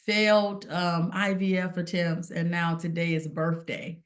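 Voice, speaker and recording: A woman's voice: fairly low pitch, unhurried. Earnest woman telling a personal story. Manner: earnest, animated storytelling with acted-out quotes. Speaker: podcast guest. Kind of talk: casual personal testimony.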